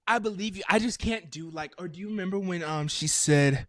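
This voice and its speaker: Easygoing young male co-host, higher voice. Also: a little fast, fairly bright tone, dry recording, studio quality. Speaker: podcast co-host. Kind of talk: casual chat.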